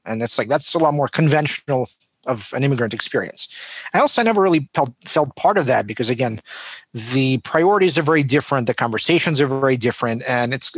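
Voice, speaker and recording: A man in his forties, originally from Russia, tells stories as an interview guest with a reflective, humorous way of talking, often restarting his sentences. His voice sits at a middle pitch and sounds close and dry, with no room echo. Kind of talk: casual interview conversation.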